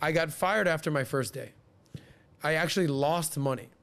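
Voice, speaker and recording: Man host, thirties, lively anecdote teller, slightly higher voice, casual podcast chat. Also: moderate pace. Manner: animated, acts out quoted people in higher voices.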